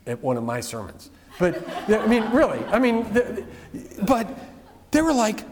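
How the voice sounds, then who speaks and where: A male pastor giving an informal, conversational sermon with animated asides. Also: on the high side, normal speed. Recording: long reverb from a large hall.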